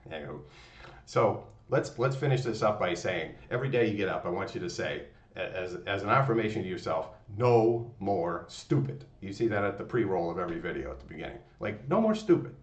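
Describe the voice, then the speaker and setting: A man's voice: low voice, fast. A man hosting a motivational channel, giving a rambling, folksy pep talk full of fillers and restarts. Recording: distant, roomy, dull lo-fi sound.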